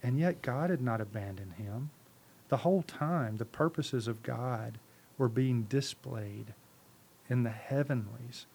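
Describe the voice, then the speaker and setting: On a podcast, a ministry leader preaches passionately in a conversational style full of rhetorical questions and repeated words. His medium-pitched voice is husky and darkish, runs a little slow, and carries some vocal fry.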